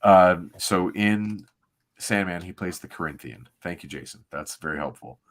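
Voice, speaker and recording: A man with a very deep voice co-hosts a comic book reading show. He chats eagerly, corrects himself often and reads long narration passages aloud. He talks close to a desk microphone. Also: normal speed. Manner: chatty, enthusiastic, self-correcting with laughs. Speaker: podcast co-host reading comics.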